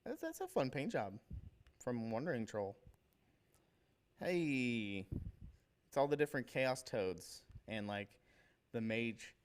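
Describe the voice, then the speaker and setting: A man chats casually on a livestream, rambling and enthusiastic, often stumbling over names. His voice sits at a medium pitch, like most men's. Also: very animated, slow pace, long pauses. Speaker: livestream host showing painted miniatures.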